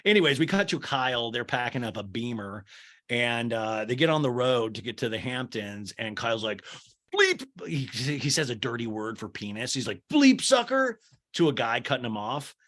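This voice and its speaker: A man's voice: medium pitch, brisk. A man hosting a podcast, recapping reality TV in comedic, joking chat and putting on voices now and then. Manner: animated, joking, slips into voices for the people he describes. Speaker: podcast host.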